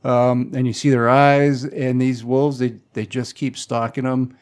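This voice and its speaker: A man's voice: mid-range voice, little pitch movement, a little slow, smooth. A man chatting casually on a podcast, retelling a film in a loose, rambling way with lots of fillers. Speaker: podcast host. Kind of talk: casual chat.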